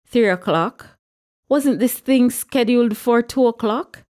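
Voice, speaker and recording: An older uncle, impatient and hungry, who mumbles his complaints under his breath, voiced by a woman narrating a story. His tone is grumbling and low-key. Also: slow pace, darkish tone. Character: hungry older man, a wedding guest uncle.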